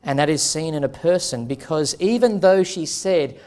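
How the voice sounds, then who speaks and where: A male pastor preaching an expository sermon in an earnest, emphatic way, with dramatic pauses. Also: on the high side, a little mellow.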